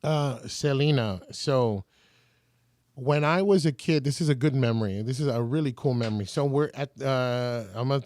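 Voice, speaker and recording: A man's voice: mid-range voice, normal speed, darkish tone. A man in his forties from San Antonio, a radio personality telling stories as a podcast guest and acting out other people's lines. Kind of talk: casual storytelling.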